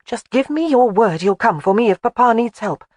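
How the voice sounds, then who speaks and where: Headstrong young woman, argumentative and proud, voiced by the narrator; very animated, dry recording. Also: fairly high pitch, dry recording, voice pushed up. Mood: worried. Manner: headstrong, quick to argue. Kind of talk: audiobook character voice.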